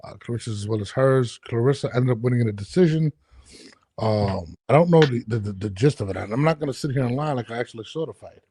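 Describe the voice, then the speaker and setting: A home-studio podcast host talks fast in a medium pitch, swearing heavily through a casual, animated rant. Some slight background noise can be heard, and he's on studio headphones and a mic.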